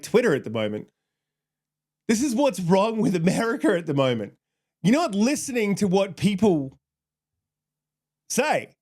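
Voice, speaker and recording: A man hosting his channel, ranting heatedly about an online argument, swearing a lot and reading out tweets in a flatter voice. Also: sits high. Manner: heated, profane, exasperated. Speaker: channel host. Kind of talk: ranting commentary.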